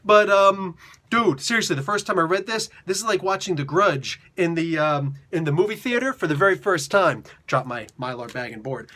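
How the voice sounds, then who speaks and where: A man in his forties reviewing a comic book in an excited, casual way, talking hyper and slangy. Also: high-pitched, a little fast.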